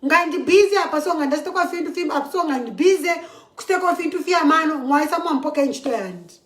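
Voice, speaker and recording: High-voiced Zambian woman, impassioned monologue. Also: animated, brisk, reverberant. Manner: mixes English with local language, keeps asking "eh?". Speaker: social media commentator.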